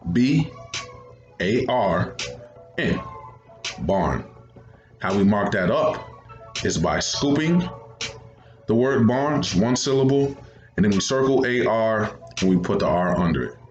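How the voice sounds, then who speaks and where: A man's voice: lowish voice, roomy sound, highs cut off. A man teaching a second grade phonics lesson, patiently repeating each step.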